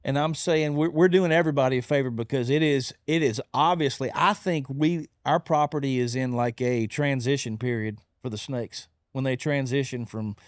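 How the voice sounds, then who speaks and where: A man's voice: mid-range voice, normal speed, few pauses, dry recording, clean studio sound. A man chatting easily as a podcast guest, with a father of daughters telling stories. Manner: easygoing, agreeable interjections. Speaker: guest songwriter. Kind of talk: casual chat.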